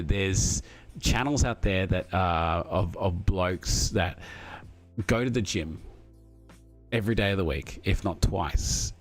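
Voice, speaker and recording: A man chatting casually as he reads out viewer messages, rambling and friendly with lots of fillers. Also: deep voice. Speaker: streamer reading chat. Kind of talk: casual live chat.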